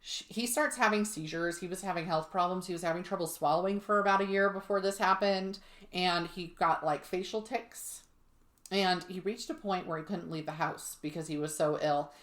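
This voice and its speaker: A woman's voice: lowish voice, normal speed, a bit bright. A woman co-hosting a podcast, telling a spooky history story in a sarcastic, swearing, laughing casual chat. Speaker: podcast co-host. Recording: roomy echo.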